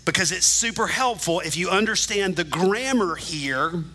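A man's voice: high voice, animated, moderate pace, bright, forceful tone, low-quality recording. A male pastor preaching a sermon, teaching animatedly and speaking directly to the congregation in a church sanctuary.

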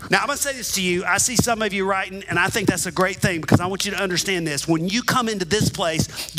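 Bright high-voiced man preaching. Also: poor audio. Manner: animated teaching, direct address to congregation. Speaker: pastor. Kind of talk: sermon. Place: church sanctuary.

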